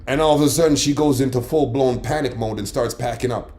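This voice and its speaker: A man's voice: mid-range voice, fairly quick. A man co-hosting a casual talk show, telling stories with lots of laughter and acting out the exchanges he describes. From Jamaica. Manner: animated storyteller who acts out quoted exchanges and laughs often. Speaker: podcast co-host. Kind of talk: casual conversation.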